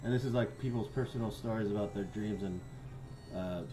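Crude joking podcast man, dark voice. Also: on the low side, a little fast, slight background noise. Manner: crude, joking, laughs a lot. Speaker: podcast co-host. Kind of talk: casual chat, reading stories aloud.

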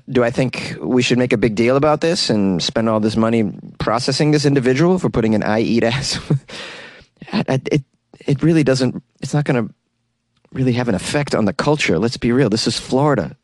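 A man's voice: medium pitch, no room sound. Wry rambling male podcast comedian. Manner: wry, rambling, laughs at own jokes. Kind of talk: casual solo podcast monologue. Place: small closet studio.

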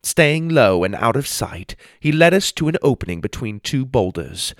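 A man narrating a children's fantasy story in the first person, expressive storybook narration. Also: medium pitch, normal speed, no echo, clean studio sound. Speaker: audiobook narrator.

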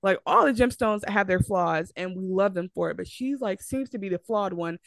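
A gravelly, mid-range voice at a moderate pace belongs to a young woman co-hosting a podcast, recorded without room sound. She chats casually but animatedly, arguing her position amid many fillers and restarts.

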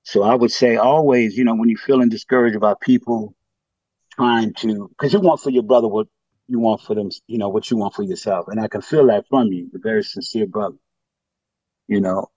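A man calling in to share his story and advice, speaking haltingly with many pauses and fillers. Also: fairly low pitch, darkish tone, slightly rough, no room sound, dull audio. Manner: halting, many fillers, addresses listener as beloved. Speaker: caller. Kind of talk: call-in sharing testimony and advice.

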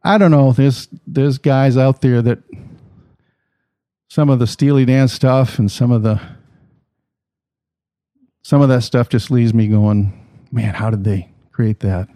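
A man with a mellow, dark voice telling easygoing stories about his life in music. He talks casually and with animation, in a dry room with little reverb. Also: medium pitch, steady tone, measured pace, pauses often, clean tone. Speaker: musician guest. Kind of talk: conversational storytelling.

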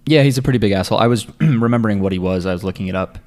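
A man's voice: on the low side, very fast, a little mellow. A man hosting a casual podcast chat, reading out listener mail and rambling with fillers and restarts.

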